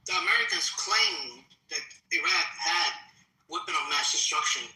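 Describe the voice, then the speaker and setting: A man calling in to argue with the host, speaking haltingly with many restarts and throat-clearing. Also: on the high side, pushed and bright, reverberant, far from the mic, poor audio. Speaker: caller. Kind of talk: debating the host.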